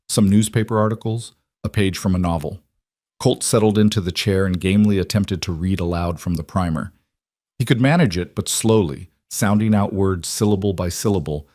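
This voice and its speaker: Male narrator, low voice, dry close mic; calm, measured scripted story reading. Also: dry recording.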